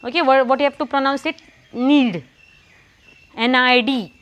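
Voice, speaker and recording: A teacher with a Marathi accent runs a classroom lesson, asking the same questions again and again and spelling words out letter by letter. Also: female voice, sits high, fairly even intonation, fast, fairly bright tone, clear, resonant tone, lo-fi sound.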